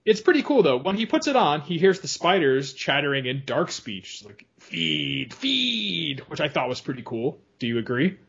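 Animated man chatting about a film. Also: fairly high pitch, fairly quick, few pauses, husky, dull audio. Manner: animated, laughs often, quotes lines in funny voices. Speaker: podcast co-host. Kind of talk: casual film discussion.

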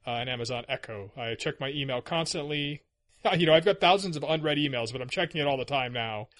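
Bright-voiced chatty male podcast host. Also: mid-range voice, fast talker. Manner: chatty, wry, laughs easily. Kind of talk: casual chat.

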